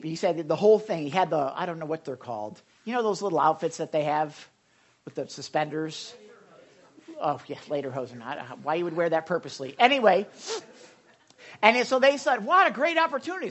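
A man's voice: a little high, animated, a little fast. A male pastor preaching in a loose, conversational way, full of stories, fillers and restarts. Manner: rambling, anecdotal, many fillers and restarts. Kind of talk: conversational sermon.

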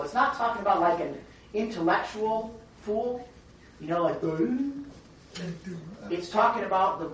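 A woman leading a Bible study, teaching in a chatty, animated storytelling way. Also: mid-range voice, recorded from a distance, slight background noise. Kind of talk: casual teaching. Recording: echoey room from afar, dull.

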